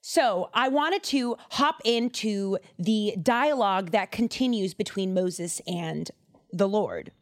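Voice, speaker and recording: A young woman hosting a podcast, retelling a Bible story in a chatty, slangy, animated way. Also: mid-range voice, takes it slowly, dry recording, studio quality. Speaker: podcast host.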